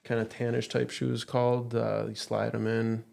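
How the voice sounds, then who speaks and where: A man police officer with a Wisconsin accent, chatting in an easygoing, halting way on a podcast. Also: medium pitch, monotone, gravelly, a loud crowd. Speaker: school resource officer. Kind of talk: casual podcast chat.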